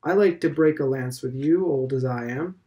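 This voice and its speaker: A man reading aloud, voicing a pompous old male schoolmaster who speaks briskly and emphatically. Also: mid-range voice, natural voice, low-quality recording. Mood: emphatic. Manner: loud, emphatic, brisk lecturing.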